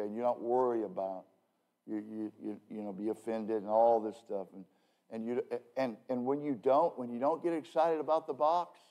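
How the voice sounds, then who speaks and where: A male pastor preaches a relaxed evening sermon at church in a warm, mid-range voice. His delivery is jokey and rambling, with emphatic bursts and frequent restarts.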